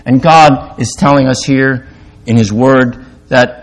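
An older male pastor delivers a sermon in a mid-pitched voice. He swings from loud, emphatic peaks down to quiet, confessional lows, with halting restarts along the way. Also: fairly even intonation.

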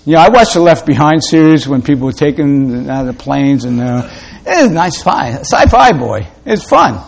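A man's voice: medium pitch, expressive, moderate pace, gravelly, darkish tone. A man preaching a sermon as a pastor, earnest, often repeating himself and restarting phrases before closing in prayer.

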